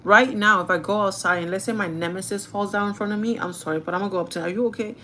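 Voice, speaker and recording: A woman's voice: mid-range voice, fairly even intonation, very fast, sharp tone, a little hiss or hum. A woman chatting casually on a get-ready-with-me livestream, venting and swearing freely, slipping between English and Spanish. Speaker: vlogger.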